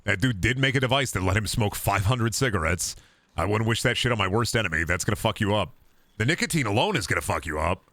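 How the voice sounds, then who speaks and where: A man streaming a video game, chatting casually and profanely with his viewers in an animated way. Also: lowish voice, fast, dry recording. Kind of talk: casual gaming stream commentary.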